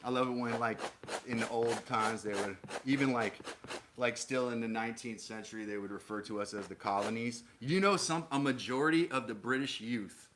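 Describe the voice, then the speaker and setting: A man's voice: mid-range voice, noisy background. A man with an American accent hosting a live stream, chatting in a rambling, jokey way. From United States. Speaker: livestream host. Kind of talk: casual live-stream chat.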